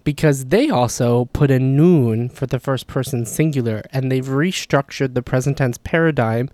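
Male teacher, casual and conversational, dry close sound, mid-pitched voice. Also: moderate pace, dry recording. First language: not Arabic. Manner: relaxed, chatty, frequent "like" and "you know" asides. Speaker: language teacher. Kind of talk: casual explanatory lesson.

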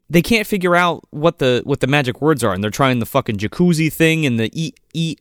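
A fairly high-voiced man recaps a film for his co-hosts, swearing freely and slipping into voices for the characters. His pitch swings widely as he talks. The sound is dry and close. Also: brisk, few pauses, dry recording. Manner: profane, animated, acts out quotes in voices. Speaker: podcast co-host. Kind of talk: casual movie recap chat.

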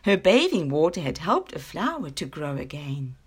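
A woman from Africa, reading a children's story aloud in an expressive storytelling manner. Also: low-pitched, slightly rough. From South Africa. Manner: expressive, slow-paced storytelling.

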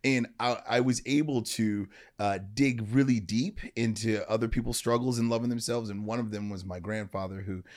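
A man's voice: mid-range voice, steady tone, normal speed, few pauses. A middle-aged man, a motivational speaker, telling a personal story as an interview guest in an earnest way, often checking in with "right?" and "you know".

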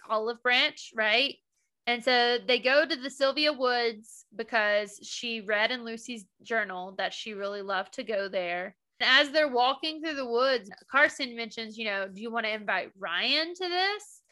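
A woman's voice: fairly high pitch, steady tone, measured pace, bright, forceful tone, clear, resonant tone. A young woman co-hosting a casual podcast, recapping a TV episode in an emotional, gushing way. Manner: emotional, gushing recap with laughs and quoted lines. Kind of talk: casual chat.

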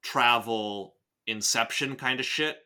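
Bright-voiced rambling podcast host. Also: male voice, medium pitch, slow pace. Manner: rambling, jokey, swears often, many restarts. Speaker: podcast host reading and analyzing a novel. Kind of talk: casual podcast chat.

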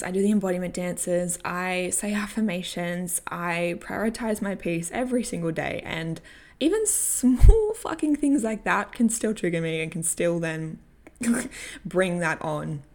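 A woman's voice: medium pitch, animated, unhurried. A young woman vlogger telling a story and giving coaching tips in a candid, casual way, swearing freely and laughing often. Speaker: personal growth vlogger.

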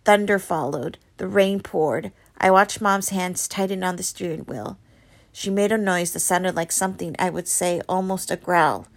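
A woman reading a novel aloud, with dramatic storytelling that turns soft and hushed in quiet passages. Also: lowish voice, normal speed, vocal fry. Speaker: reader.

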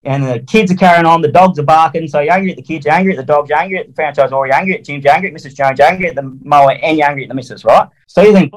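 Fast-talking man, blunt and colloquial. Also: on the high side, rough recording. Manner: colloquial, swears freely, acts out quotes. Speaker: interview guest, mowing franchisee. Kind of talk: casual storytelling interview.

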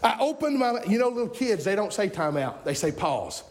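Brief: man in his forties, very high voice, folksy preacher who builds to shouting. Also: animated, fast. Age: 40s. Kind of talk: fiery sermon.

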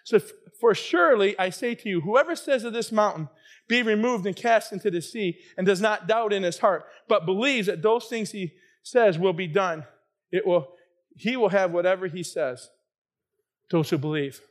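A man preaching a fervent sermon, his delivery swinging from quiet, earnest passages to loud, near-shouting bursts. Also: high voice, normal speed. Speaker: pastor.

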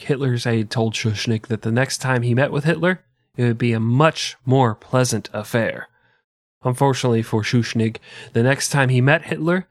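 A man's voice: medium pitch, no echo. Crude joking man narrating history. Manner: crude, joking, laughs often. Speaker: podcast host. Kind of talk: comedic history podcast narration.

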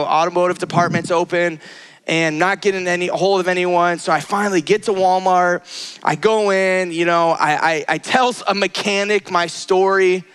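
A man's voice: a bit bright, clean tone. A man preaching a sermon as a personal story, earnest and conversational, acting out his own cries and the lines of people he met. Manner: acts out his own cries and quoted lines with rising pitch. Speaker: pastor.

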